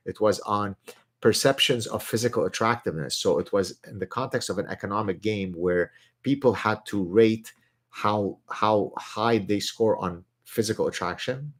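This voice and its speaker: A middle-aged man hosting a live-stream Q&A, answering viewer questions emphatically and often restarting his sentences. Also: lowish voice.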